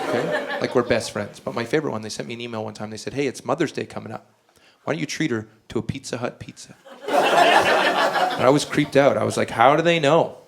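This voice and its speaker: A man's voice: medium pitch, gravelly, heavy background noise. A man doing brash, crude stand-up comedy and improvised songs with the crowd at a live venue.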